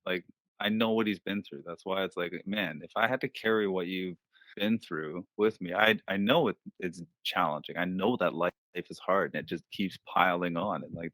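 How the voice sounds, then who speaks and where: A man's voice: low voice, bright, forceful tone, no echo. A man in his thirties, an interview guest, telling personal stories in a loose, profane way full of filler words. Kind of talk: casual storytelling. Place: online virtual-world voice chat.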